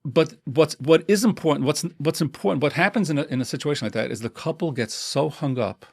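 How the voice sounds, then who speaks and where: A middle-aged couples therapist talks in an animated way, repeating words and acting out little scenes. His voice has a gravelly texture. The sound is dry, with no room echo. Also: on the high side, a little fast. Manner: animated, repeats himself, acts out examples. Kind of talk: conversational advice interview.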